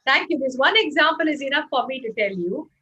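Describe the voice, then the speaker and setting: A woman's voice: high voice, fairly quick. A woman leading an interactive online workshop, coaxing participants to answer in the chat. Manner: animated, coaxing participants to respond. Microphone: video call. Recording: muffled lo-fi video call audio.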